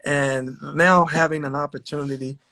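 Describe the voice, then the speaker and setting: A man interviewing an artist in a casual, enthusiastic way, often pausing with fillers. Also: on the high side, steady tone, bright, forceful tone, dry recording.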